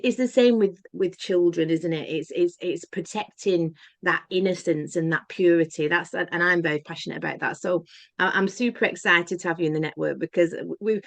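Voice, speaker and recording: A woman's voice: lowish voice, no room sound. A woman hosting an interview on a call, eager and chatty, often adding tag questions. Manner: enthusiastic, lots of repeats and tag questions. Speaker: host. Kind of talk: casual interview chat.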